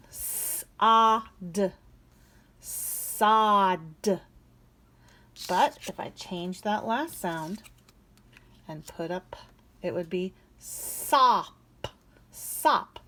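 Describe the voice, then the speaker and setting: A woman teaching a phonics lesson to young children, sounding out letters clearly and encouraging them. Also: medium pitch, fairly bright tone, poor audio. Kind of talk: early-reading phonics lesson.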